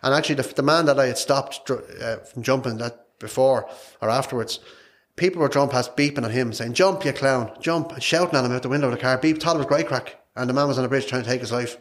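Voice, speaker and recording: A man's voice: medium pitch, fast talker. An Irish man, a podcast guest, telling a personal story in a frank, emotional, rambling way, repeating his words. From Ireland.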